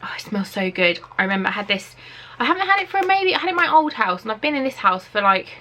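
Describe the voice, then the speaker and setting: A woman's voice: fairly high pitch, quick pace. Chatty English woman unboxing beauty products. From Norfolk, England. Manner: chatty and excitable, reads product blurbs aloud. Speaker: beauty vlogger. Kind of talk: casual unboxing chat. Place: at home, indoors.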